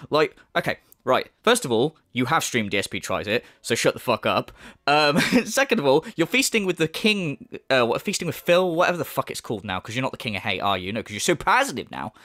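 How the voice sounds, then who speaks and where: A man's voice: medium pitch, sing-song, fast, pushed and bright. Mocking, sweary man ranting. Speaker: YouTube commentator. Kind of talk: casual rant commentary.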